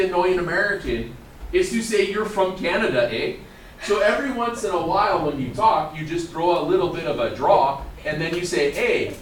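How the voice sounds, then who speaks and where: A man's voice: high voice, a little hiss or hum. A man teaching math to a class, joking and laughing often as he talks. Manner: playful, laughs often, animated. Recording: echoey classroom from far off with students.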